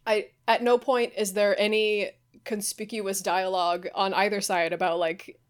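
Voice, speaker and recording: Young woman, podcast co-host, casual and rambling, drops swears, medium pitch. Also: level tone, moderate pace, clean tone. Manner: swears freely, rambling with restarts. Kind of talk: casual chat.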